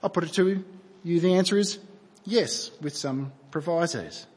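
A man's voice: on the high side, unhurried, a little mellow, breathy edge. A man preaching a sermon in an earnest, conversational way, asking his listeners rhetorical questions. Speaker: pastor. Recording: long hall reverb.

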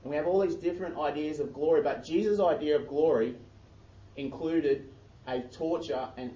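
An Australian pastor with a medium-pitched, warm voice preaches a sermon, reading scripture aloud and often breaking off into chatty, self-interrupting asides. The church audio is echoey, distant and dull, with a little hiss or hum.

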